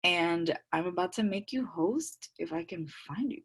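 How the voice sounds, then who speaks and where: A young woman with a Texan accent who talks fast on a group call, warm and heartfelt, full of "like" fillers. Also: fairly low pitch, animated, slightly rough. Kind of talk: emotional call sharing.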